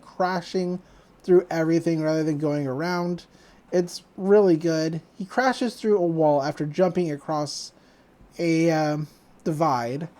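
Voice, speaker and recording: A woman hosting a podcast, casually recapping a cartoon episode with laughs and acted-out lines. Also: lowish voice. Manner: animated, laughing, acting out quoted lines. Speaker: podcast host.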